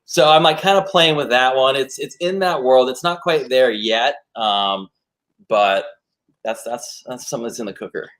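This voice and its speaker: A man's voice: mid-range voice, moderate pace, fairly bright tone, poor audio. A man guest on a talk show, chatting casually and jumping into bits and voices. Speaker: guest impressionist and actor.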